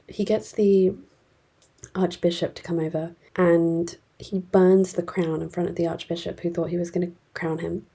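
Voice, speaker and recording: A woman chats her way through a book recap in a low, husky voice. She rambles with plenty of fillers and slips into the occasional whispered aside. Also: flat delivery, normal speed, mellow. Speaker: book reviewer.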